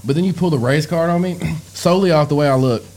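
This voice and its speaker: A young man with a Southern US country accent, telling a story as a podcast guest in a casual, profane, animated way. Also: fairly high pitch, fast talker. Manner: profane, animated storyteller who rises into shouting in quotes.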